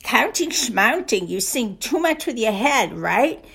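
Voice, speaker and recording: A woman's voice: fairly high pitch, big pitch swings, measured pace, vocal fry, a bit bright, breathy edge, exaggerated voice. A woman voicing a hyperactive, passionate male pig performer with a German accent, exuberant and pushy.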